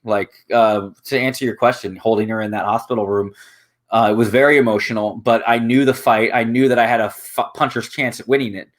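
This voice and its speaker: A young man talking as a guest in an emotional, casual conversation, earnest and halting, with many restarts. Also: mid-range voice, fairly even intonation.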